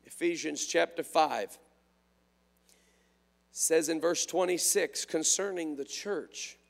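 A man preaching an impassioned sermon, swinging between hushed tones and shouts, his voice strained. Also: on the high side, slow, vocal fry. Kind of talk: revival sermon. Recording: reverberant hall sound.

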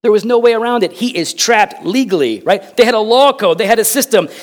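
A pastor delivering a sermon in a somewhat high-pitched male voice. He tells the story with drama, moving between loud emphasis and hushed, low passages. He often repeats a word when he wants it to land. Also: lively intonation, a little fast.

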